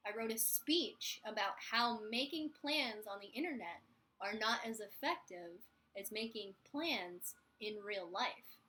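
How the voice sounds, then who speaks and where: A woman's voice: mid-range voice, animated, measured pace, bright, forceful tone. A woman in her twenties with a Philadelphia accent, chatting casually on a live vlog. She is self-mocking and acts out the voices of the people she quotes. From Philadelphia, USA. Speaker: vlogger.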